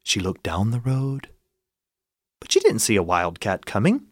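A man from South Carolina, telling a story and breaking into high squawking bird noises. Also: wildly swooping pitch, unhurried, no room sound, clean studio sound.

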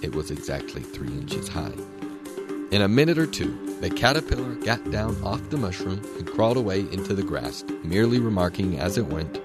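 A man narrating a storybook reading aloud in an expressive, dramatic way. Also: low-pitched, moderate pace, over loud music.

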